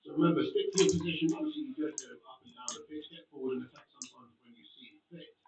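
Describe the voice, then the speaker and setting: Man streaming, high voice, matey chat banter, echoey far-off mic. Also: fast talker, creaky, noisy background. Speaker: gaming streamer. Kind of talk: live gameplay commentary. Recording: roomy, distant, dull sound.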